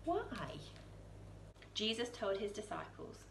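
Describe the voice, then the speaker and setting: Female storyteller reading a children's book aloud, expressive, low-pitched, roomy church with faint hiss. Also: unhurried. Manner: expressive, with soaring questions and hushed lines.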